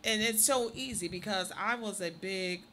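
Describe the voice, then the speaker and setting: Bright-voiced, animated woman storyteller. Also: mid-range voice, moderate pace, a little hiss or hum. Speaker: co-host. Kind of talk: casual radio talk, storytelling.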